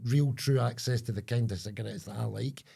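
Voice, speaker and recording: Rambling Scottish man, gravelly and husky. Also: mid-range voice, brisk, dark tone. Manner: rambling, trails off mid-sentence hunting for words. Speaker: podcast co-host. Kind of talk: casual chat.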